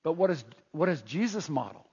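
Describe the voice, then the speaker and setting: A man preaching a sermon in an animated way, full of rhetorical questions, in a dull, echoey hall recording. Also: on the high side, brisk, gravelly, husky. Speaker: pastor.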